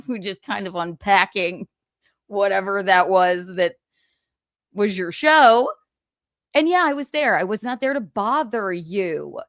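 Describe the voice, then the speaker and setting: A woman's voice: fairly high pitch, dry recording, clean studio sound. A woman hosting a livestream, ranting in casual chat, profane, indignant and mocking, laughing often. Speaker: livestream host.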